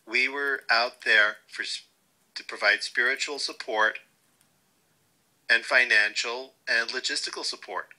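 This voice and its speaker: An older man being interviewed, telling wry, lively stories and quoting people along the way. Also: medium pitch, unhurried, rough recording. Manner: wry, animated anecdotes with quoted voices. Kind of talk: storytelling interview.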